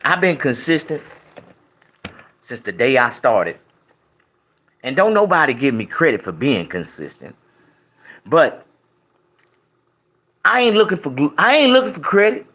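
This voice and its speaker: A man in his fifties talking loudly and casually to his viewers while eating, rambling and preaching between bites and humming over his food. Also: a little high, wildly swooping pitch, measured pace, pauses often. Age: 50s. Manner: loud, preachy, with rambling riffs; chews and hums with food in his mouth. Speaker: YouTube vlogger.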